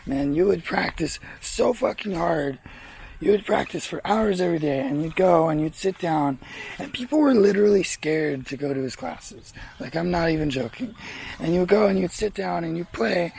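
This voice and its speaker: A man's voice: sits high, normal speed, gravelly, a little mellow, a little hiss or hum, rough recording. A young man telling his life story in a casual vlog, rambling, frank and swearing freely. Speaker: vlogger.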